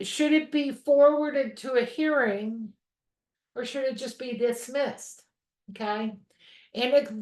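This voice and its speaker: A woman teaching a real estate course in a chatty way. She often stops to check in with "okay?" and speaks from a room at home. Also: on the high side. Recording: echoey room.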